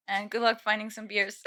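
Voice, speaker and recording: A woman's voice: mid-range voice, pushed and bright. A young woman live-streaming from home, chatting casually with viewers and laughing often. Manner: giggly, chatty, reads chat aloud.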